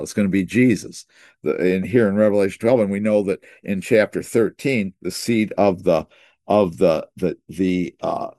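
Male preacher, low voice, dry sound, sermon-style Bible teaching that stumbles and repeats. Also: a little mellow, no echo. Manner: repeats words while thinking, slows for key phrases.

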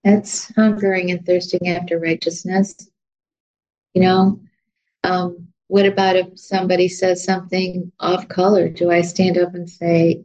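A woman's voice: on the low side, flat delivery, unhurried, dark tone. A woman teaching an informal Bible lesson, chatty and self-deprecating, leafing through her notes as she talks. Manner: chatty, laughs at herself, searches notes aloud. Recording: dull lo-fi recording.

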